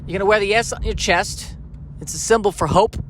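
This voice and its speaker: A brash, streetwise alien dad with a thick New York accent, as a comedian puts him on, his voice pushed well up in pitch. He talks in an easygoing, shrugging way, like nothing is a big deal. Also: brisk, a little hiss or hum, lightly acted. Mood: breezy.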